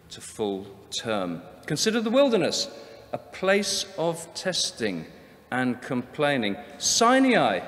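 Brief: a male seminar speaker with a slow, lively delivery in a hall with a long reverb. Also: fairly high pitch. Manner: emphatic, rhetorical questions, measured repetition. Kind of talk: Bible seminar talk. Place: convention hall.

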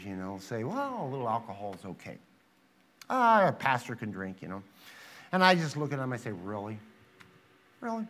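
A man preaching a sermon as pastor, reading scripture aloud and pressing his point with rhetorical questions. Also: a little high. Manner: dramatizes quotes with sudden loud rises.

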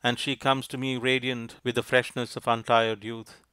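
A man's voice: mid-range voice, level tone, normal speed, bright, forceful tone, smooth, no echo, close to an everyday voice. A man voicing a proud, jealous prince who speaks coldly and aloofly. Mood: resentful. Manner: cold, aloof.

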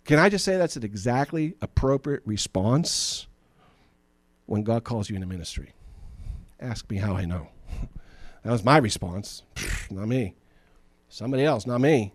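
A man's voice: medium pitch, expressive, normal speed, long pauses, no room sound. A man preaching a sermon as pastor, in a chatty, joking way, often acting out the people in his stories. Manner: conversational and joking, acts out Bible figures.

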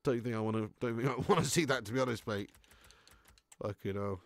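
A man's voice: medium pitch, fairly quick, no echo. A man hosting a gaming live stream, reading chat aloud in casual banter, swearing freely and laughing often. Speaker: gaming livestream host.

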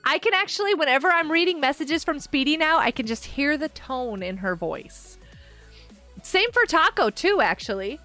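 A woman's voice: high-pitched, sing-song, normal speed, pushed and bright, soft background music. A woman live-streaming a game, chatting and giggling often while answering her chat.

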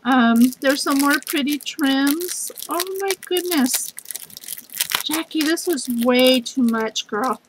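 A middle-aged woman with a high voice speaks slowly over background noise as she unboxes a craft gift package for her channel. She gushes effusively and says "y'all."

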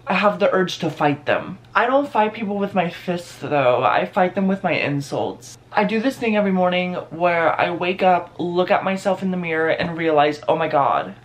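A man's voice: high-pitched, lively intonation, normal speed, few pauses. A young man filming a casual vlog at home in his bedroom and bathroom, talking in a sarcastic, self-mocking and dramatic way. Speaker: vlogger.

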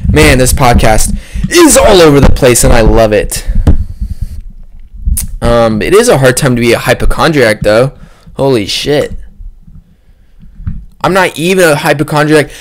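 A young man hosting a solo podcast, rambling and joking with lots of profanity. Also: mid-range voice. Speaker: podcast host. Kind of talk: casual solo podcast rant. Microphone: podcast microphone.

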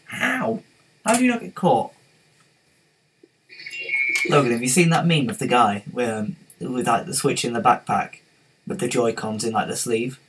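A man's voice: mid-range voice, animated, moderate pace, pauses often, background noise. A man hosting a casual gaming livestream, rambling, giggling and reading out the chat. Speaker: livestream host.

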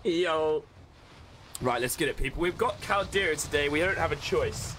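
Young male streamer, higher-than-average voice, casual and sweary, over a noisy mix. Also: moderate pace. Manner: chatty, swears casually, greets viewers by name. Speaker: gaming streamer. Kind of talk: casual live-stream chat.

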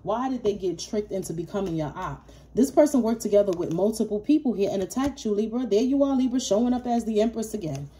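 A woman's voice: mid-range voice, expressive, fast talker, mellow. A woman giving a casual tarot reading, blunt and profane, talking straight to the viewer and repeating herself for emphasis. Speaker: tarot reader.

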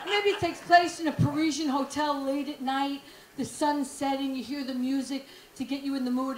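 Brash high-voiced female stand-up comic. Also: steady tone, moderate pace. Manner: brash, frank, teasing the crowd. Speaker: stand-up comedian. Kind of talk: stand-up comedy set. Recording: echoey club room, faint noise.

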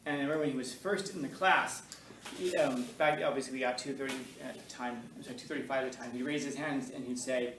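Animated teacher in an echoey classroom. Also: male voice, mid-range voice, fast, a little hiss or hum. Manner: animated, laughing, acts out voices in stories. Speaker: high school teacher. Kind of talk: classroom discussion and storytelling. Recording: echoey classroom from far off, faint ambience.

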